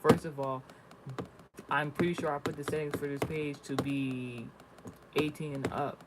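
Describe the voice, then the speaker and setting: A man's voice: a little high, flat delivery, moderate pace, very noisy. A man ranting in a casual, profane vlog, telling rambling stories and reading spiritual messages. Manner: blunt, cursing, rambling storytelling.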